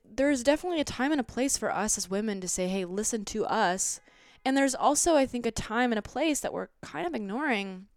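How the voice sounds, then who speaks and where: Smooth-voiced relationship coach woman. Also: mid-range voice, no echo, clean studio sound. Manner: animated, switching into playful acted voices. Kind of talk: casual advice talk.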